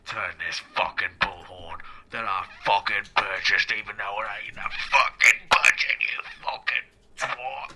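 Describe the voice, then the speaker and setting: A man putting on the voice of a furious, foul-mouthed film director, shouting and swearing nonstop. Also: lowish voice, steady tone, unhurried, breathy edge, heavily acted. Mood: furious ranting. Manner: shouting, swearing nonstop, ranting about money. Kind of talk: comic impression in a podcast chat.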